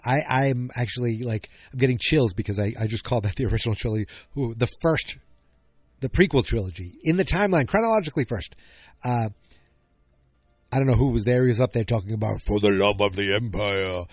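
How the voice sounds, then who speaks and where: A male podcast host talks through an episode recap in a loose, rambling way. He trips over words, corrects himself, and tosses in jokes as he goes. His voice is mellow and dark, recorded close and dry, at a middling pitch. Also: lively intonation, fast, slightly rough, dry recording, faint music behind. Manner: rambling, self-correcting, jokey.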